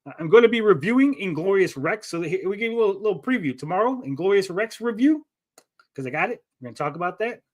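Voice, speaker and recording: A man's voice: sits high, lively intonation, quick pace. A man hosting a casual livestream, rambling and joking as he reads out chat messages. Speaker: livestream host.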